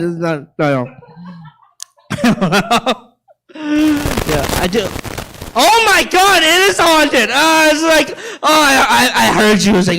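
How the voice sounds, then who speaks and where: A man's voice: very high-pitched, big pitch swings, a little slow, a bit bright, rough recording. A young man from China doing live stand-up in a theater, ranting profanely and stammering over his words. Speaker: stand-up comedian. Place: theater stage.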